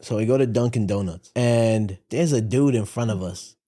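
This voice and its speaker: Man telling a story with animated flair. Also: on the low side. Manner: animated storyteller acting out other people's lines; talks in quick bursts with many restarts and "like". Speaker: podcast co-host. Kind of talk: casual storytelling chat.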